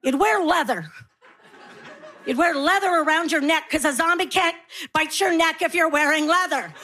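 Middle-aged woman doing stand-up, high pitched, does lots of little voices for her kids, crowd laughing along. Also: normal speed. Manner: animated, acts out kids and herself in voices. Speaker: stand-up comedian. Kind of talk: stand-up comedy routine. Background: audience laughter.

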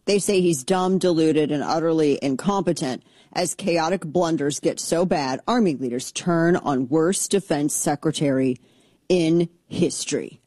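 A woman's voice: deep voice, a little slow, warm tone, no room sound. Fired-up sarcastic woman radio host. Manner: fired-up, sarcastic, blunt, mocking voices of opponents. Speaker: radio talk show host. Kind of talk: opinionated political talk radio monologue.

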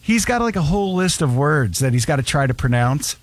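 A man's voice: on the high side, sing-song, a little fast, dry recording. A man in his fifties hosting a casual radio show, joking and wry. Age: 50s. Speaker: radio host.

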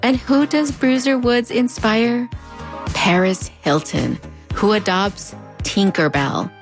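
A woman's voice: on the high side, takes it slowly, soft background music. A woman with a US-Mexico border accent narrating a video essay in a conversational, wry way. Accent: US-Mexico border Spanish-tinged English. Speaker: host.

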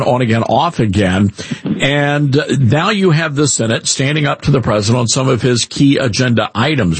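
A man's voice: medium pitch, breathy edge, no echo. A man hosting a talk radio show, blunt and mocking as he questions a guest.

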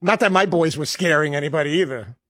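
A man's voice: fairly high pitch, fairly bright tone. A man from Long Island, co-hosting a talk show and telling self-mocking stories in casual studio banter. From Long Island, New York. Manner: rapid, self-mocking storyteller. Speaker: radio show co-host.

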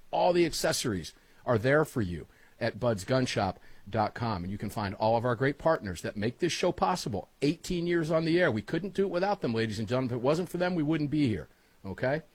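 A middle-aged man hosting a talk radio show, with brash, rapid-fire promotional patter. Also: mid-range voice, animated, dry recording.

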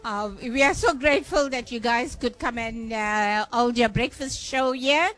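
Earnest woman with a high voice. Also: unhurried, a bit bright. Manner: earnest, grateful. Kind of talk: thankful on-air remarks.

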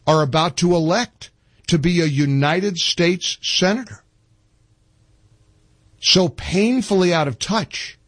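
A man hosting a talk radio show, commenting forcefully and repeating phrases for emphasis. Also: a little high, no room sound. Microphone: studio microphone.

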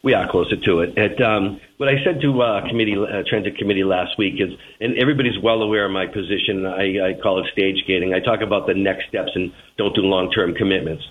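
Deep-voiced Boston man on a phone line. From Boston, USA. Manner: measured, repeats words when starting phrases. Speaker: transit general manager, phone guest. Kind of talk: radio interview on the phone. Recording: tinny phone line with faint hiss.

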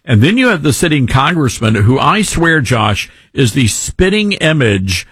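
A man hosting a talk radio show, wry and animated with sarcastic asides. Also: mid-range voice, measured pace, slightly rough, no echo, studio quality. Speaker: radio host.

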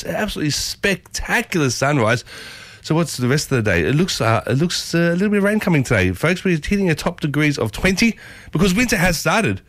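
A man in his thirties with an Australian accent, hosting a breakfast radio show in a playful, exuberant way, a little husky from a sore throat. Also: a little high, big pitch swings, a little fast, fairly bright tone, no room sound. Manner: exuberant, playful, jokey catchphrases. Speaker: radio host. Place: community radio studio. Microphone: studio microphone.

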